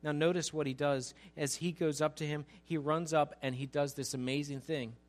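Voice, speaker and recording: A pastor preaching a sermon in a conversational way, with asides to the congregation, and building to an emphatic, raised delivery. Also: male voice, on the high side, steady tone, normal speed.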